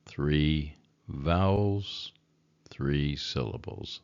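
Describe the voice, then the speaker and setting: Male teacher, very low gravelly voice, unhurried, patient, dull lo-fi recording. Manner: slow, patient, repeats each word for learners. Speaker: Hebrew reading teacher. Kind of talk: recorded reading lesson.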